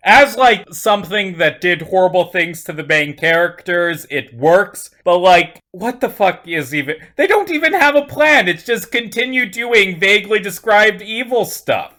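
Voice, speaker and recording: Man, bright voice, slightly high, casual plot recap, blunt. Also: expressive, moderate pace, few pauses. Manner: loose, blunt recapping with swearing and fillers. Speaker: podcast co-host. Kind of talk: casual film review chat.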